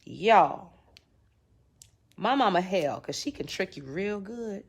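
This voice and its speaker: A woman podcast host telling a comic personal story, animated and profane, talking straight to her listeners. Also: medium pitch, slow pace, vocal fry, breathy edge.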